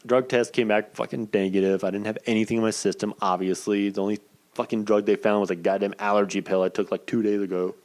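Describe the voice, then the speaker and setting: A man in his thirties with a fairly low voice hosts his own podcast and tells a long personal story. He swears freely and talks casually, with plenty of energy. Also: quick pace. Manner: profane, animated, acts out quoted voices. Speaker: podcast host.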